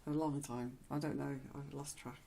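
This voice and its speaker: A woman chatting casually on a vlog, soft-spoken and good-humoured. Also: a bass voice, steady tone, normal speed, gravelly. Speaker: vlogger's companion. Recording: noisy home recording.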